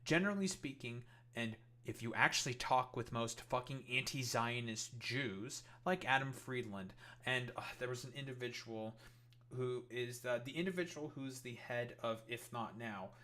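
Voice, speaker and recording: A man hosting his own stream, talking in a heated, profane rant. His pitch sits in an ordinary middle range. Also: moderate pace, pushed and bright. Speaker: streamer host. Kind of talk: casual political commentary stream.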